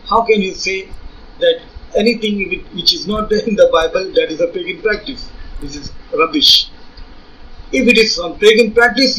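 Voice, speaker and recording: A high-pitched man with an Indian English accent delivers a combative rebuttal lecture, firing rhetorical questions and quoting scripture. His voice sounds set back from the mic. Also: fairly bright tone, distant mic, rough recording. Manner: argumentative, rhetorical questions, reads scripture aloud. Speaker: religious debater.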